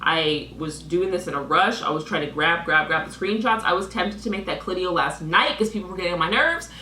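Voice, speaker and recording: Young woman, vlogger, sarcastic, mock-indignant, bright tone, roomy sound. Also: fairly low pitch, fairly quick, slight background noise. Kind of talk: reading messages aloud with commentary.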